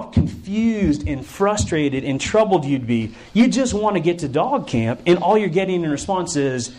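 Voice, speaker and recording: Brief: male camp preacher, story-driven sermon, animated delivery. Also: normal speed, few pauses, low-quality recording. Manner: animated storyteller, lively shifts in pitch.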